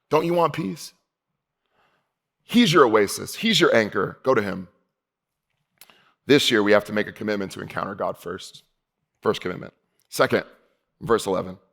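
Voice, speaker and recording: A male pastor speaks with vocal fry as he preaches in a church hall, keeping his sermon casual and conversational. On key points he goes low and quiet, and he slows his pace for emphasis.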